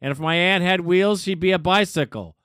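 A man's voice: high voice, brisk, a bit bright, clean tone, no room sound, clean studio sound. A man hosting a fan call-in radio show, talking casually and easygoing, with folksy sayings.

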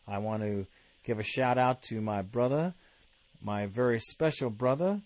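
A man's voice: mid-range voice, measured pace, darkish tone, dry recording. A man hosting a fan podcast, talking in a casual, emphatic monologue full of enthusiasm. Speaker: podcast host.

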